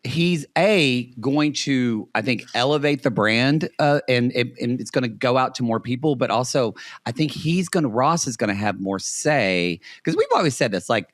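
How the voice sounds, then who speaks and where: A man co-hosting a casual podcast, chatting in an animated way, swearing freely and often restarting his sentences. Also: mid-range voice, normal speed, hardly any pauses, no room sound. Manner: animated, profane, lots of restarts. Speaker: podcast co-host.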